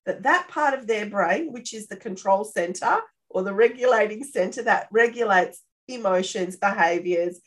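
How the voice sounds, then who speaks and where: A woman explaining parenting skills in a casual interview, lively and often checking in with tag questions. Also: mid-range voice, moderate pace. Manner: animated, acts out parent-child dialogue. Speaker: parenting expert guest.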